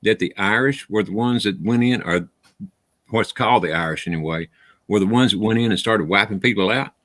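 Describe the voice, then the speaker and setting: A man's voice: on the low side, brisk, a bit bright. A man hosting a casual chat, easygoing, asking questions and agreeing readily. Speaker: panel host.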